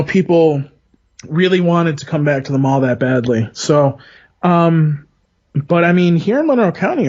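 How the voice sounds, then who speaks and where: New dude swearing and laughing through a story, higher voice, muffled audio. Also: male voice. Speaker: podcast co-host. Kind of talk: casual chat. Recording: dull lo-fi sound.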